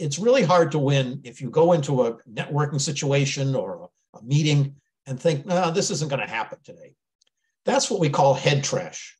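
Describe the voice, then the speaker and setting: A business mentor with a fairly high, darkish male voice presents a sales webinar. He's earnest and conversational, often repeating words as he thinks out loud.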